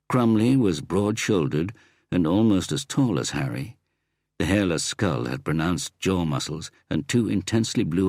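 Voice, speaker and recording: A man narrating a crime novel in a measured, expressive reading. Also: deep voice, gravelly, dry recording, studio quality. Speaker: audiobook narrator. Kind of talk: scripted narration.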